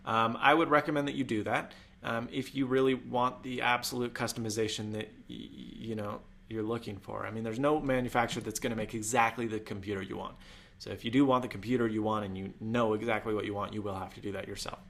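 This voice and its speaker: A man's voice: lowish voice, steady tone, quick pace, creaky, fairly bright tone. A young man hosting a casual tech live stream, chatty and rambling, with jokey asides. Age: young adult. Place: home room.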